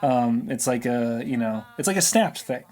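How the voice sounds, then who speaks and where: A woman's voice: rumbling low, expressive, normal speed, darkish tone. A woman co-hosting a casual reaction chat, chatty and playful, trailing off with fillers and laughing often. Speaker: co-host of a reality show reaction channel.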